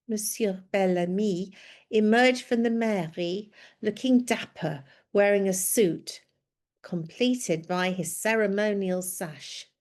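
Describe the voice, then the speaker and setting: A woman telling a story in a scripted narration, reading in a gentle, descriptive way. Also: mid-range voice.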